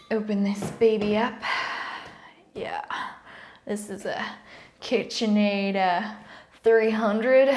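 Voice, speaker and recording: A bubbly, chatty young woman talks through a baking vlog in her home kitchen. Her voice carries the echo of the room. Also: mid-range voice. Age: young adult. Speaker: baking vlogger. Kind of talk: casual chat.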